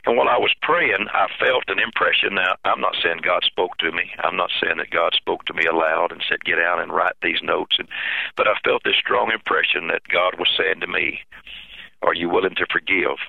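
A man speaks in a very low, gravelly voice, halting and repeating himself as he tells a heartfelt story. His voice comes through a dry, tinny phone line. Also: steady tone, no echo. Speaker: pastor. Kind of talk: telling a personal story in an interview.

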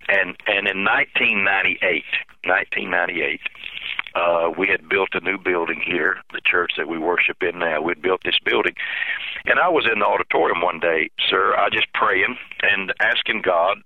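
A pastor, telling an emotional personal story in a halting way with many repeats, heard over a phone line. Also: male voice, deep voice, steady tone, creaky, dry recording.

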